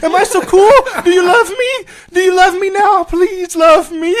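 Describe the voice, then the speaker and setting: A man putting on a loud, high, whiny voice as a boastful male politician begging to be loved. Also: fairly even intonation, normal speed, a little hiss or hum. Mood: mocking, whiny.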